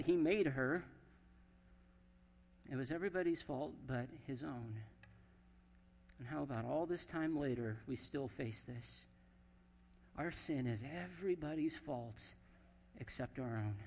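A man's voice: fairly high pitch, darkish tone. A man preaching a sermon as pastor, reading scripture aloud and acting out the quoted lines with shifting emphasis. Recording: long church reverb.

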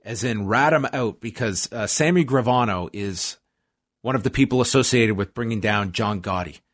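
A man's voice: medium pitch, fairly bright tone, dry recording. Man recapping in a dry, close voice. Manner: recaps events step by step, dry asides. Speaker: podcast co-host recapping wrestling. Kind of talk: casual chat.

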